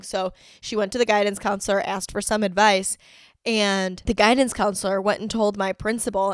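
Woman host, frank and profane storyteller, quiet one moment and fired up the next, with a mid-range voice. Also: mid-range voice, dry recording, clean studio sound. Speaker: podcast host. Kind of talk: candid personal storytelling.

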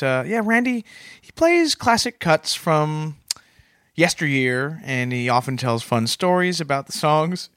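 A man co-hosting a comedy podcast in earnest, mild banter with a quick chuckle. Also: medium pitch, a bit bright, no echo, studio quality. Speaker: podcast co-host.

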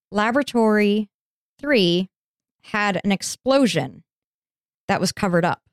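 A woman's voice: mid-range voice, clean tone, no echo, clean studio sound. A woman hosting a podcast, telling a history story in a chatty, informal way and swearing casually. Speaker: podcast host.

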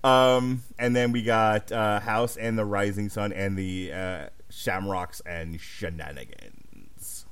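A man's voice: on the low side, steady tone, takes it slowly, hardly any pauses, a bit bright, slight background noise. A man hosting a casual podcast chat, teasing his co-hosts, laughing often and swearing. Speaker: podcast host. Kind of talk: casual chat about an album.

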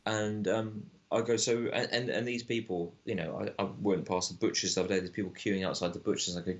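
A man's voice: on the low side, fairly even intonation, a little fast, few pauses. A man, a film director guest, arguing animatedly in casual conversation and often restarting his sentences.

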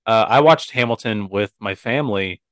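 A man's voice: lowish voice, moderate pace, fairly bright tone, no room sound. A young man co-hosting a casual podcast, asking questions and teasing his friend. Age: young adult. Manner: teasing, jokey interjections. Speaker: podcast co-host. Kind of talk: casual chat.

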